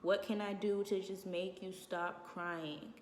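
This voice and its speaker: A woman voicing a remorseful boyfriend who begs softly in a low voice, recorded in an echoey room. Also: steady tone, slow pace, a little hiss or hum, lightly acted. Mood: pleading. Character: pleading apologetic boyfriend, adult man. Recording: echoey room with long reverb.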